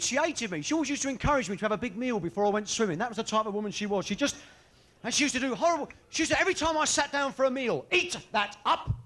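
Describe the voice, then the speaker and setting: On stage at a live comedy venue, a male stand-up performs a saucy, cheeky routine and trades banter with the crowd. His voice is extremely high in pitch with a fairly bright tone.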